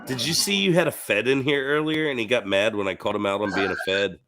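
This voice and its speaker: A man's voice: medium pitch, quick pace, background noise. A man co-hosting a livestream in casual chat, chatty and teasing, often laughing at his own jokes. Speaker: co-host.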